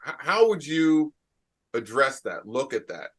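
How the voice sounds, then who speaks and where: A New Jersey man who hosts podcasts and gives keynotes chats casually in an interview, speaking emphatically and repeating phrases for effect. His mid-range voice is slightly rough, unhurried, and swings widely in pitch.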